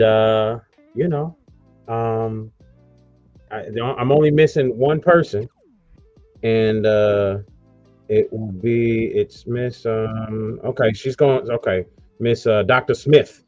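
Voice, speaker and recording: A man's voice: lowish voice, darkish tone, no room sound, dull audio. A man hosting a casual online radio talk show, rambling loosely through promos and introductions. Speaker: host.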